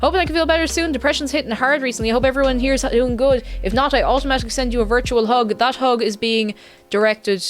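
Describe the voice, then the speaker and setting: Female game streamer, bright higher voice, loose chatty delivery. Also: fast. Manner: chatty, giggly, rambling asides. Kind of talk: casual live-stream chat while playing.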